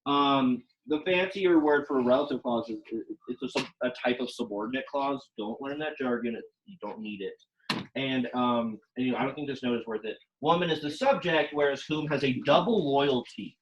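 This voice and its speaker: A man's voice: medium pitch, moderate pace, dull audio, background noise. A young man teaching a Latin class, speaking casually and quizzing his students with questions. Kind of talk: classroom lecture.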